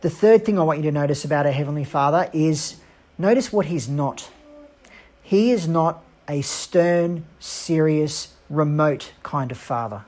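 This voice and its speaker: A woman preacher giving an earnest, emphatic sermon with dramatic pauses. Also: low-pitched, mellow.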